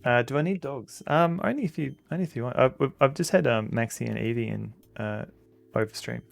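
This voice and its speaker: A man's voice: mid-range voice, brisk, vocal fry, faint music behind. An Australian man chatting casually while streaming a game at home, rambling and talking fondly to his dogs. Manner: rambling, chatty, fond baby-talk to dogs. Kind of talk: casual live-stream chat.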